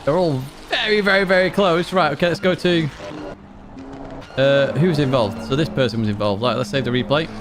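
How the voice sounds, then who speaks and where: A man from Blackpool, England, streams a racing game, chatting casually, rambling, reading out chat and laughing often. His voice is a little high at a normal speed, with game engine noise behind him.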